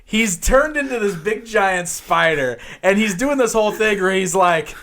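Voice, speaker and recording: A man co-hosting a podcast, chatting excitedly about a movie and laughing often. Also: high voice, normal speed. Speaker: podcast co-host. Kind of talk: casual movie review chat.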